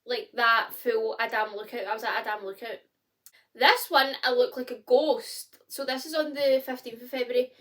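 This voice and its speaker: A young woman with a Scottish accent talks casually to her camera, filling her speech with fillers. Her voice sits a little high and sounds bright and forceful. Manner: chatty, many fillers, candid and expressive. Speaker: vlogger.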